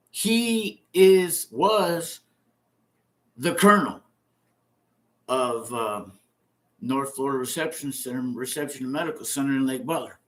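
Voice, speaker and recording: With a medium-pitched voice and a fairly bright tone, a fifty-something former prisoner tells his own story in a relaxed way. He's profane and repetitive, performing the scenes with sound effects.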